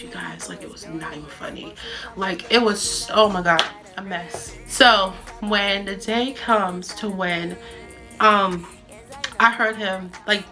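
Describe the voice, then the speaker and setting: A woman's voice: mid-range voice, sharp tone. A young woman from the Boston area telling a story casually, chatty and full of fillers and restarts.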